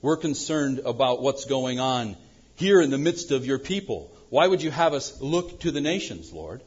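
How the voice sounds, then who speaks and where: A man preaching a sermon as pastor, swinging from loud acted-out prayers to low, quiet asides. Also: normal speed, breathy edge, lo-fi sound. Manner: animated preaching, acting out prayers loudly then dropping low.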